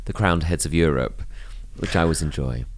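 A man's voice: rumbling low, brisk. A man co-hosting a podcast in casual chat, with a dry, teasing wit. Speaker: podcast co-host.

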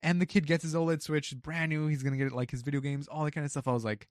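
A young man, a retail store worker, casually telling an animated work story, acting out quotes and swearing freely. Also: on the high side, fast, a little hiss or hum.

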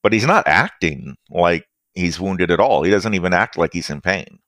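A man narrating as game master of a tabletop role-playing game, lively and playful. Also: deep voice, normal speed, no echo, studio quality. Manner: lively, doing character lines between narration.

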